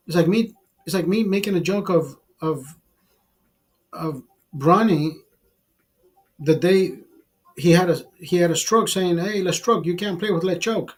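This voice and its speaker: Casting: man, slightly higher voice, loose profane livestream host riffing on whatever comes up. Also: slow, long pauses. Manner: profane, rambling, laughs at his own jokes. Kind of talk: casual livestream chat. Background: bar setting.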